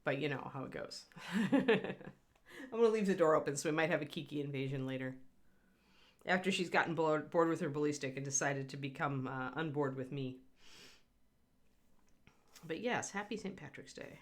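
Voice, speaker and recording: A woman's voice: low-pitched, moderate pace, long pauses. A woman hosting a casual livestream painting tutorial from home, chatty and rambling, laughing often. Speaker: host and miniature painting instructor.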